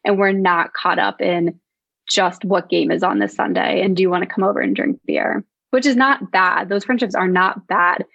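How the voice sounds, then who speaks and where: A young woman co-hosting a podcast, speaking in a slow, reflective way with many fillers. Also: mid-range voice, steady tone, creaky, a bit bright, slightly rough, no room sound. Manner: reflective, talks slowly with many likes and ums. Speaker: podcast co-host. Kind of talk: casual podcast chat. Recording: slightly muffled dry mic.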